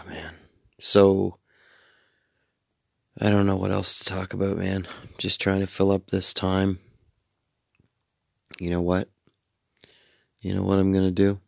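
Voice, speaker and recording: A sleepy middle-aged man rambles through a late-night radio monologue in a very low, gravelly voice. He sounds worn out and meanders from thought to thought, swearing casually. The sound is dry and close, with no room around it. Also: completely flat delivery, measured pace, long pauses, no room sound. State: sleepy, yawning. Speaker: radio show host.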